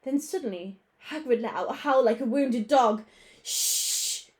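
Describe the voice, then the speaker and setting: A primary school teacher, a woman, reading a children's book aloud with clear, expressive storytelling. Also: on the high side, moderate pace.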